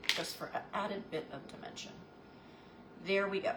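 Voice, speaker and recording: A woman's voice: medium pitch, normal speed, reverberant, noisy background. A woman hosting a live painting demo who chats in a goofy way with viewers and calls them "y'all". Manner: chatty and goofy, answers live chat by name. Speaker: craft live-stream host.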